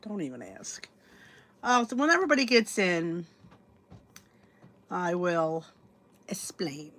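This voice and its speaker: A woman's voice: on the low side, big pitch swings, takes it slowly, a bit bright. A woman hosting a casual livestream podcast, chatty and a bit scattered, talking to herself while she sets up. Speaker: podcast host.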